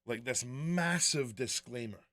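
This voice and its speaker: A man's voice: medium pitch, a little slow, a bit bright. A middle-aged man co-hosting a podcast, rambling casually, swearing a lot and laughing often. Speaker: podcast co-host. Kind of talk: casual banter.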